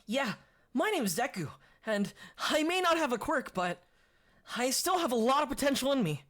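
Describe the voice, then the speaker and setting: An earnest young anime hero boy, as a streamer voices him, pitched high and sweeping through lively rises. The delivery is overdramatic and hopeful. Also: normal speed.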